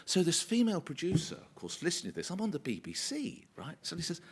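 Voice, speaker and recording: A man, a commercial talk radio presenter, giving an animated anecdote-filled speech at a conference and acting out quoted voices. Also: fairly high pitch, fast, hardly any pauses. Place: conference hall.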